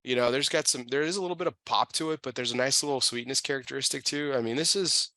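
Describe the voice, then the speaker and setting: A man hosting an interview, talking in a relaxed, halting way with repeated words while he smokes a cigar. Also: mid-range voice, dry recording. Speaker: podcast host. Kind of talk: casual interview chat.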